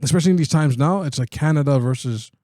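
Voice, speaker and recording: A man's voice: on the high side, fast, a little mellow, no room sound, studio quality. A man co-hosting a podcast, joking and laughing through casual sports banter, often repeating his words. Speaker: podcast co-host.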